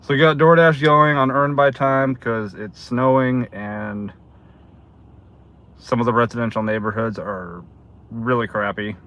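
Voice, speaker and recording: A man's voice: mid-range voice, fairly even intonation, measured pace, a bit bright. Chatty older man streaming from his car. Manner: chatty, greets viewers by name. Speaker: delivery driver livestreaming. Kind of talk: casual livestream chat.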